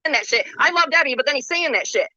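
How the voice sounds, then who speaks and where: A woman's voice: sits high, expressive, fast talker, pushed and bright, dry recording. A woman livestreamer ranting with heavy profanity, upset and close to tears. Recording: dull lo-fi livestream audio.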